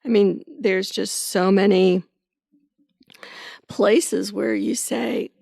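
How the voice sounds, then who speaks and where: Gravelly-voiced woman co-host. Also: medium pitch, fairly even intonation, takes it slowly, long pauses, darkish tone, no room sound, clean studio sound. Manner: opinionated, firm about manners. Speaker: podcast co-host. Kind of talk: casual chat.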